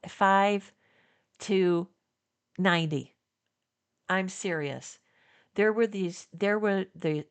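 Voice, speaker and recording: A woman's voice: on the low side, clean tone. A woman in her sixties from the Detroit area, chatting casually to her viewers as a vlogger, rambling with fillers and little laughs. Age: 60s. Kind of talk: casual chat to camera.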